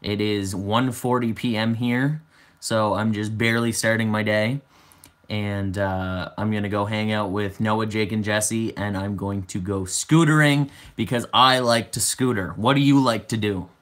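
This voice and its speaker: A man's voice: fairly low pitch, fairly even intonation, unhurried, a bit bright. A man in his twenties hosting a casual livestream, chatting and answering viewer comments aloud. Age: 20s. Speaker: livestream host.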